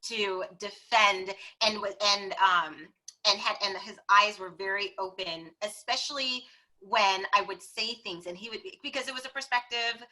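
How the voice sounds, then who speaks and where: A woman guest in an interview, telling personal stories in an animated way and often laughing. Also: medium pitch, unhurried, rough recording. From America. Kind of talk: conversational storytelling.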